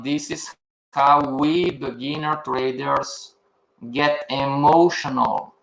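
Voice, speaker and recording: A man's voice: medium pitch, fairly even intonation, slow, vocal fry, fairly bright tone. An older man teaching a live online class, firing questions at the students and answering them himself. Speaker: trading instructor. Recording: echoey room.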